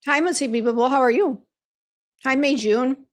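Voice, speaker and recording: Speaking at a normal speed in a high-pitched voice, a woman who owns a beauty brand chats casually on her livestream. Between complaints about a hair appointment gone wrong, she reads comments, welcomes viewers by name, and often restarts sentences or uses fillers.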